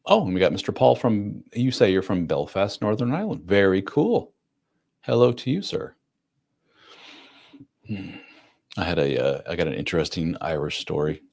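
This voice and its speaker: A man's voice: deep voice, very animated, normal speed, creaky, pauses often, a little mellow. A man hosting a casual live stream, reading viewer comments and talking through them with lots of fillers and restarts. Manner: conversational, many fillers and restarts, reads comments aloud. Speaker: livestream host answering viewer comments.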